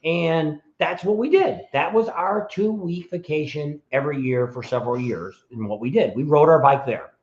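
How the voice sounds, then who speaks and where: A man's voice: a little high, normal speed, hardly any pauses. Rambling middle-aged man in a roomy room. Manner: rambling, restarts often. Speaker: co-host of a motorcycle travel channel. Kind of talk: casual live-stream chat. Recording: roomy, dull lo-fi sound.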